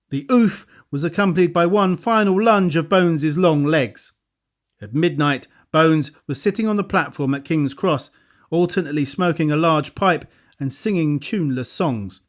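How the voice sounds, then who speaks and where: A male audiobook narrator with a slightly high voice, reading a thriller in a measured, steady way. The delivery is even and unhurried, the plain voice of a storyteller. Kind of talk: scripted narration.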